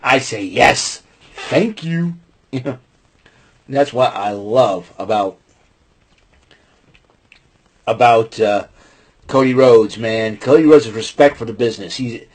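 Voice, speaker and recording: A man with a husky, slightly rough voice at an ordinary middle pitch talks in a loose, rambling way. He gets excited and jumps up into loud mock quotes, then drops back into chatty recap. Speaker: podcast host recapping wrestling. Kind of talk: casual chat.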